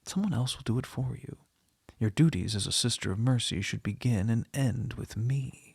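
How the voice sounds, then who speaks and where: A man with a husky, gravelly voice voicing a passionate former lover who forcefully pleads with a woman to come away with him. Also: medium pitch, moderate pace, no echo, studio quality. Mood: pleading. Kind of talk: storybook reading.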